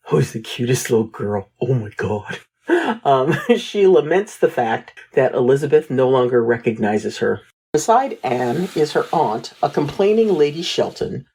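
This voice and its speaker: Husky low-voiced woman, laughing podcast co-host. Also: mellow, low-quality recording. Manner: laughs often, blunt casual swearing. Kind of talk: casual recap and commentary.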